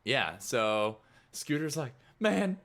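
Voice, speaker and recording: A man's voice: low voice, normal speed, fairly bright tone. A man narrating as game master of a tabletop game, telling the scene in a loose, rambling way. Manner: loose, rambling storytelling full of "like".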